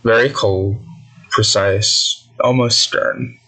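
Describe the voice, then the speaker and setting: A man runs a tabletop game, setting an eerie scene. His voice sits low and he takes his time with each phrase, drawing out the atmosphere. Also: fairly even intonation, bright, forceful tone, low-quality recording. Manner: slow, deliberate, atmospheric narration. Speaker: game master.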